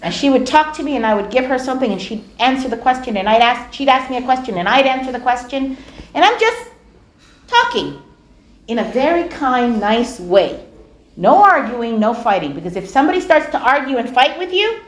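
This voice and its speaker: A middle-aged woman giving a storytelling lecture, animated and acting out the dialogue of her anecdotes. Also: high-pitched, brisk. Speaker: speaker giving a talk on dawah. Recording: echoey room.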